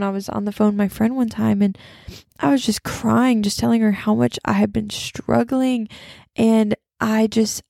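Chatty young woman, gravelly. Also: mid-range voice, no echo, studio quality. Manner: chatty, lots of fillers, describes herself as loud. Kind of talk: casual Christian testimony talk.

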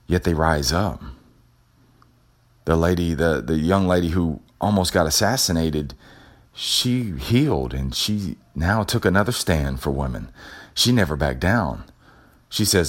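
A man hosting a show and giving a motivational talk, repeating himself with an emphatic, preacher-like cadence. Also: deep voice. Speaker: podcast host.

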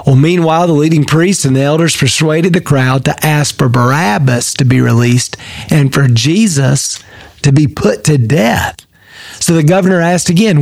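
A man's voice: on the high side, moderate pace, creaky, no echo. A man who is a pastor giving a daily devotional Bible teaching, speaking in an earnest, emphatic way.

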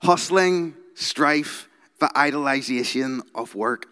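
A Northern Irish youth worker speaks to a gathered audience in an easy, conversational sermon style, tagging his points with quick "okay?" check-ins. His mid-range voice carries a long reverb tail from the large hall around him. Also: medium pitch, bright, forceful tone, clear, resonant tone. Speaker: youth worker giving a talk. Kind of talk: informal sermon talk.

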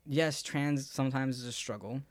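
A man's voice: mid-range voice, normal speed, dry recording. A young man in casual podcast conversation, talking in a loose, rambling way full of fillers. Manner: relaxed, rambling, heavy on filler words.

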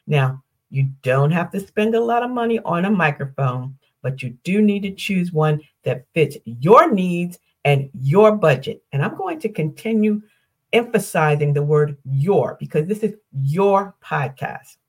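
A woman's voice: fairly low pitch, sing-song, measured pace. An older woman hosting her own podcast, explaining things step by step in an upbeat way, posing questions and walking through lists. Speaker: podcast host. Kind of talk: solo podcast teaching.

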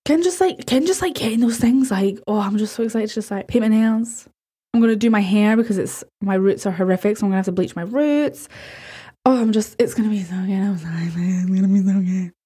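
A Scottish woman hosting a podcast, chatting in a bubbly, rambling, excitable way. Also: fairly high pitch, husky. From Scotland. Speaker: podcast host. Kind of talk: casual chat.

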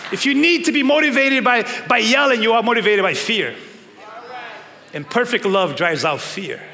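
Pastor guy preaching hard, high sharp voice, big echoey church hall. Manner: emphatic preaching, rising to shouts then dropping low. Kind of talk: sermon. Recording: long reverb of a large hall.

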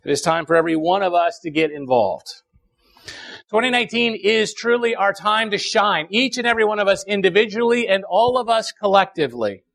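A male pastor, preaching a sermon with emphatic repetition and dramatic pauses. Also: high voice, creaky, a bit bright.

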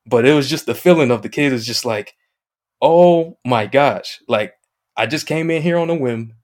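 A man guest on a podcast, telling a video game story in a casual, excited way, acting out what others said and swearing mildly. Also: mid-range voice, fairly quick. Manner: excited storyteller, acts out quoted chat, mild swearing.

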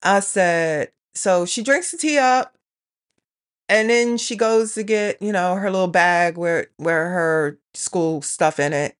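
Middle-aged woman, casual vlog storytelling, rambling and chatty, slightly low voice. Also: slow pace. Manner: chatty, rambling, quotes herself and her daughter. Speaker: vlogger.

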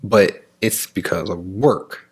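A man co-hosting a casual talk with his partner, animated and explaining his views, often acting out little quoted voices. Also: low-pitched, slow, husky. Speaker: podcast co-host talking with his partner. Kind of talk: casual relationship chat.

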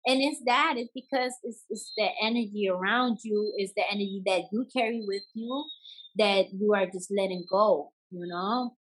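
Here the bomba dancer, an interview guest whose native tongue is Spanish, has a mid-range voice with a breathy edge and talks at an ordinary speed. She tells her story casually, mixing in Spanish, restarting a lot, and laughing. The audio is rough.

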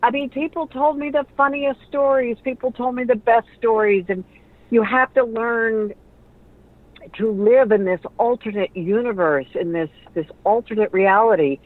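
A middle-aged woman, a radio personality and author, telling lively stories in an interview and acting out the voices of people she quotes. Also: a little high, normal speed. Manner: animated storyteller who acts out quoted voices. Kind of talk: conversational storytelling interview. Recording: tinny phone-like line, dry.

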